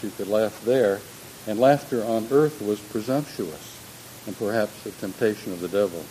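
A man's voice: fairly low pitch, normal speed, mellow, a little hiss or hum, rough recording. An older man speaking in a thoughtful, lecture-like way, with frequent restarts and personal asides. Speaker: speaker on humor and religion. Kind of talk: reflective lecture-style talk.

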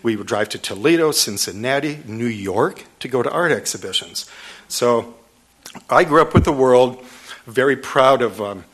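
A man in his sixties from Detroit, an author telling a story at a public book talk, lively, laughing often, restarting his phrases. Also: medium pitch, moderate pace, husky. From Detroit, USA.

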